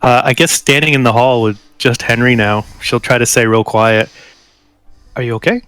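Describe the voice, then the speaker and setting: A man playing in a tabletop role-playing game, laughing and talking haltingly about his character's actions. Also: mid-range voice, steady tone, fairly bright tone, clear, resonant tone, no echo, faint music behind. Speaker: player. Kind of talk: casual tabletop play.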